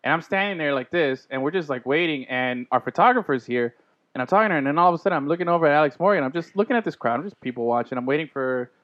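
Male podcast host, quick storyteller, lo-fi sound. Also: a little high. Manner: animated storyteller, acts out quotes. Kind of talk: casual chat.

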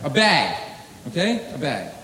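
Stand-up comic, New man, loud and lively, hall reverb, heavy audience noise. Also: on the high side, a little slow. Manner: loud, animated, yelling punchlines. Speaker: stand-up comedian. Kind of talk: stand-up comedy set. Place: comedy club stage with a live audience. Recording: echoey club, loud crowd noise.

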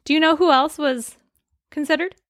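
A woman's voice: high-pitched, fairly even intonation, moderate pace, no room sound, studio quality. A woman co-hosting a podcast in casual, offhand chat, laughing and swearing easily. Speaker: podcast co-host.

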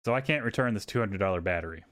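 A man hosting a podcast, telling a story in casual, profane, animated chat and acting out what people said. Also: lowish voice, very fast. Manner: animated, profane, acts out quotes. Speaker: podcast host.

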